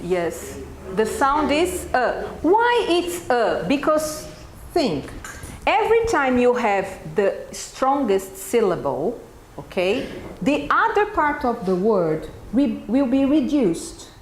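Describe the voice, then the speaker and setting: A woman's voice: on the high side, big pitch swings, slow. A Brazilian woman with a Brazilian Portuguese accent, a native Portuguese speaker, giving a live pronunciation workshop to teachers and checking in with "okay?" after each point. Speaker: teacher trainer presenting a workshop. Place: event room with an audience. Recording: echoey room with faint background noise.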